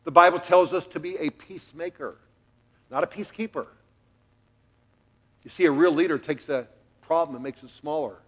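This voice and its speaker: A man's voice: on the high side, moderate pace, long pauses. A middle-aged man preaching a sermon in a church, telling a family story with jokes and acting out the quotes. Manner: animated, jokey, acts out quotes. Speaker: pastor.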